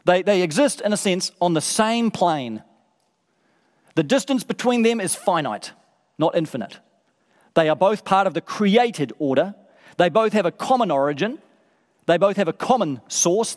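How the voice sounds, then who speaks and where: A male preacher with a fairly high voice delivers a sermon in an emphatic, repetitive style, stacking short phrases one on another. His voice rings out with a long reverb, as if filling a large hall. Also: expressive, normal speed. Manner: emphatic, repeats phrases for effect.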